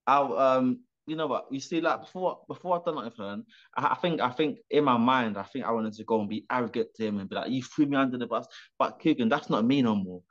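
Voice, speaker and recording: A man's voice: medium pitch, fast, few pauses, a bit bright. A man, a professional boxer, talking animatedly and rambling with restarts and swearing in a remote interview. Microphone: video call. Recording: dull lo-fi video call audio.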